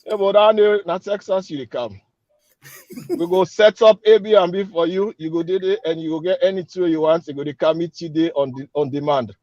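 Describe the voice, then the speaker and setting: A man's voice: a little high, moderate pace, a little mellow, dry recording, highs cut off. A man with a Sierra Leonean Krio accent, an event organizer giving an upbeat, persuasive interview and repeating his calls to act. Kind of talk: radio interview guest.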